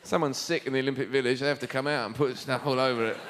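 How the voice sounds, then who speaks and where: A man doing a sardonic stand-up routine on stage, mocking his subject and breaking into shouted mimicry. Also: medium pitch, fairly even intonation, very fast. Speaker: stand-up comedian. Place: theatre stage before a live audience. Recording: live show with loud audience noise.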